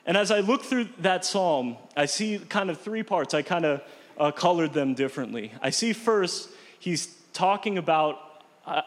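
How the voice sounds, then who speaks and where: A man teaching the Bible in a relaxed, informal manner, full of restarts. His voice sits fairly high for a man. A long reverb trails behind every phrase. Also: normal speed. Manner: conversational, informal, with frequent restarts. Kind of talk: casual Bible teaching with scripture reading.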